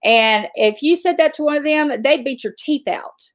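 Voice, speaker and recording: A woman's voice: high-pitched, moderate pace. A woman hosting a casual chat, talking in a chatty way with laughing asides. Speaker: host.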